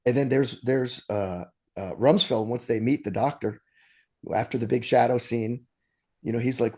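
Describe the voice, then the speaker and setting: A man's voice: mid-range voice, normal speed. A man co-hosting a casual movie podcast, retelling scenes with laughs and restarts. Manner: animated storytelling with frequent laughs and restarts. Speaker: podcast co-host.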